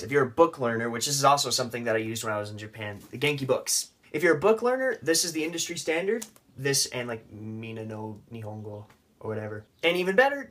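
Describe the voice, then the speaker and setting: A man's voice: medium pitch, fairly bright tone. A young man casually vlogging tips on learning a language, with joking, rambling asides.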